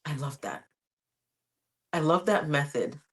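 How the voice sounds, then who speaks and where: Woman podcast host, really low voice, friendly and affirming, casual chat. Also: expressive, takes it slowly, a bit bright. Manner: encouraging, affirming.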